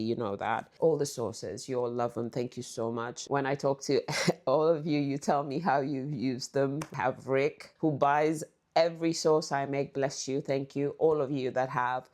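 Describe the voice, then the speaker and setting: Low-voiced woman telling stories casually. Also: darkish tone. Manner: chatty, laughs often. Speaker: channel host. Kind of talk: casual storytelling.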